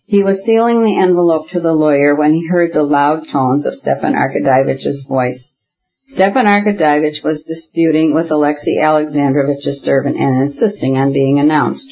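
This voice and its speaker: A man reading a novel aloud in measured, even scripted narration. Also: on the high side, gravelly. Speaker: audiobook narrator. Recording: dull lo-fi recording.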